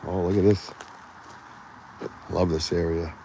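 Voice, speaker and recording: A man with a Boston accent hosting a field vlog outdoors in the woods, talking in a hushed, muttering way with loose fillers. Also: deep voice, fairly even intonation, a little slow, slight background noise, poor audio. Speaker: vlog host, Bigfoot researcher.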